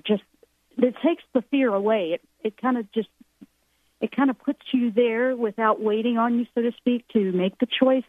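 A woman's voice: on the high side, no room sound. A woman speaks in an earnest, rambling way about the soul and fear. She comes through a thin, phone-like line. The sound is dry and close. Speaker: spiritual guest speaker. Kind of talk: radio call-in show talk.

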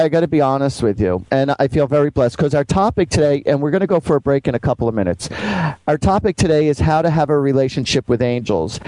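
A middle-aged man hosts a radio talk show, chatting casually in a fairly high voice. He tells his stories with lots of restarts and fillers. The sound is dry and close, with no room around him. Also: no echo, rough recording. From New Jersey. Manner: animated storyteller, many restarts and fillers.

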